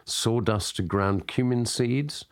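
A man co-hosting a casual chat, deliberately reading out lists of odd facts in a dry manner. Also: mid-range voice, clear, resonant tone. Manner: dry, deliberate listing of figures. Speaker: podcast co-host.

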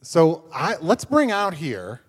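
Arnie, a man doing a wry high-voiced tavern regular. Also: wildly swooping pitch, takes it slowly, slightly rough, long reverb tail, full character voice. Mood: announcing. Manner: dry, bemused, teasing. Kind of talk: live improv comedy.

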